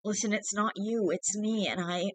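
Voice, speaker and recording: A reader voicing a sick young man who quietly apologizes while breaking up with his girlfriend. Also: medium pitch, steady tone, normal speed, no room sound, voice pushed up, natural voice. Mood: guilty, strained. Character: sick, guilt-ridden young man ending a relationship.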